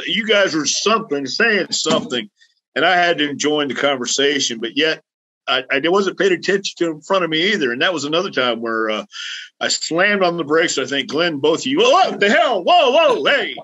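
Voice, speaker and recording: A man's voice: a little high, a little fast, poor audio. A man on a video call, telling road stories in a casual chat and acting out his own outbursts. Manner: animated storyteller with voiced outbursts. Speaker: guest.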